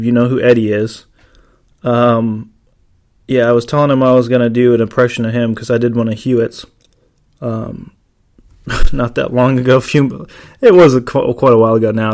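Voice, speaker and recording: A man's voice: mid-range voice, a little mellow. A man hosting a casual solo podcast, rambling with lots of ums and restarts. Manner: rambling, many fillers and restarts. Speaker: podcast host.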